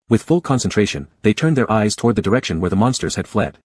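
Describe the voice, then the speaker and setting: A man reads an audiobook in a steady, measured way. His voice is fairly low and husky, and the recording is close and dry. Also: no room sound. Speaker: audiobook narrator. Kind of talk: scripted narration.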